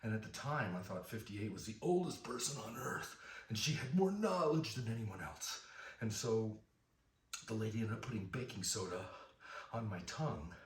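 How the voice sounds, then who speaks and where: Middle-aged man, rambling self-deprecating storyteller, low voice, echoey room with some distance from the mic. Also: expressive, normal speed. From Southern California. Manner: rambling, self-deprecating, with many fillers and restarts. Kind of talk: casual personal storytelling. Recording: roomy, from a distance.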